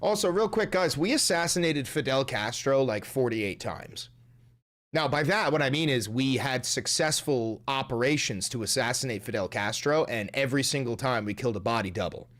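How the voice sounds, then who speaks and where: A man's voice: medium pitch, expressive, moderate pace, fairly bright tone. A man streaming live and reacting to a clip, ranting bluntly with lots of swearing and wild theories. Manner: blunt, swearing, conspiratorial rants. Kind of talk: profane live-stream commentary.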